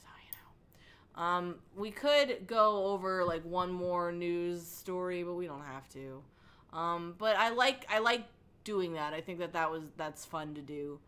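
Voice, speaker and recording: A young woman talks casually on a home livestream, her speech halting and rambling with many fillers. Her voice sits a little low but has a bright, forward ring. She sounds at ease on her living room couch. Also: clean tone. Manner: rambling, halting, with frequent ums and likes. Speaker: livestream host. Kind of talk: casual chat reading chat messages.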